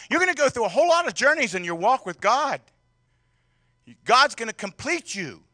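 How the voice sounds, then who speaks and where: Delivering a sermon at normal speed in a sing-song way, this male pastor has a high, bright, ringing voice. He addresses the congregation conversationally with questions, shifting from loud bursts to hushed intimacy, and the sound is close and dry with no room sound.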